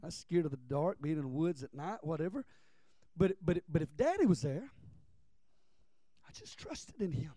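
High-voiced preacher telling stories. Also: male voice, very animated, moderate pace, pauses often, dry recording. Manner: storytelling, emphatic, drops to quiet for personal stories. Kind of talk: sermon.

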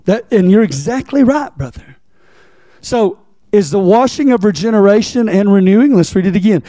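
Male preacher, high voice, mellow tone, folksy Bible teaching. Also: no room sound, studio quality. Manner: folksy, repeats key words, asks the congregation.

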